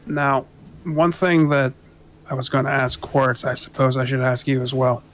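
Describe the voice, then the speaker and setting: A man voicing a kindly, calm knight who speaks gently and steadily. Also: medium pitch, moderate pace, slight background noise, lightly acted. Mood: gentle.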